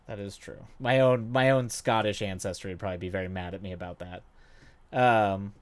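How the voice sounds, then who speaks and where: Rambling man chatting on a game stream. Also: mid-range voice. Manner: rambling and self-deprecating, many fillers, hums idly. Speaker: livestream gamer. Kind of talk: casual chat with viewers while gaming. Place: at home at night.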